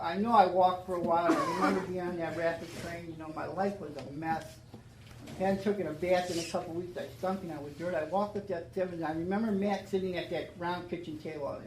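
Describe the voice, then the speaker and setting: A man's voice: sits high, reverberant, slight background noise, rough recording. An older man giving an emotional recovery talk at a meeting, stumbling and restarting as he tells his story. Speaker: AA speaker.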